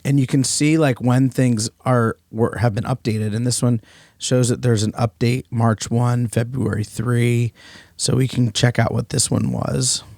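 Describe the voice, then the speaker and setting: A man co-hosting a business podcast, talking things through over a video call while he shares his screen. His voice is gravelly and a bit rough today, and the sound is dry and close, with no room around it. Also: medium pitch, fairly even intonation, unhurried, darkish tone, dry recording. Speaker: podcast co-host. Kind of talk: casual business podcast discussion.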